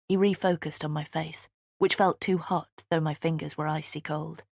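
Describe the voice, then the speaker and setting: Woman reading a thriller audiobook, low voice, dead dry studio sound, tense and steady. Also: normal speed, vocal fry, few pauses, slightly rough, no room sound. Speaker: audiobook narrator. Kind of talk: scripted narration.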